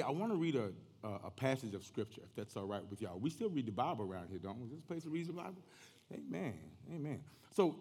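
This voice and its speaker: Hoarse preacher in a reverberant hall. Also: male voice, medium pitch, a little mellow. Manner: casual, joking, reads scripture slowly. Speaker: guest preacher. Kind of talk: sermon. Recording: long reverb in a church hall.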